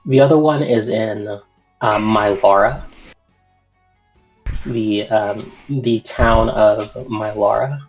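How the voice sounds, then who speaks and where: A man narrates as game master of a tabletop game, halting often with ums. His voice is low and gravelly, his pace slow. The recording sounds dull and lo-fi, with faint music underneath.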